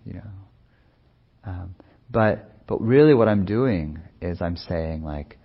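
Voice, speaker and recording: A man speaking as a meditation teacher in a soft-spoken, unhurried, musing way, with many pauses. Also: sits low, expressive, husky, muffled recording. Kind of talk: reflective dharma talk.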